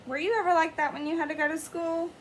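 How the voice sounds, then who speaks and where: A woman teacher reading a picture book aloud to children in an expressive way, pausing to ask them questions. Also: very high-pitched, a little hiss or hum. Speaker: elementary school teacher. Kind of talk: children's story read-aloud.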